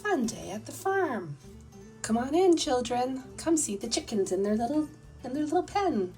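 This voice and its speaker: A woman's voice: high voice, very animated, moderate pace, mellow, far from the mic, soft background music. A woman narrating a playful toy story for a child, sing-song and chatty, slipping into small character voices.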